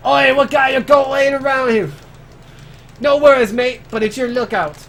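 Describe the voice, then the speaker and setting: A man voicing a cranky, quarrelsome male dolphin in a put-on Australian accent, full of rough slang. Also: very high voice, measured pace, a bit bright, slight background noise, pitched above the performer's own voice, full character voice. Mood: grumpy.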